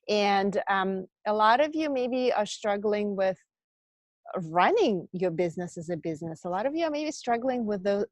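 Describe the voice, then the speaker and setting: A woman leading an online business training, energetic and coaching, guiding breathing and chanted affirmations. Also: mid-range voice, dry recording.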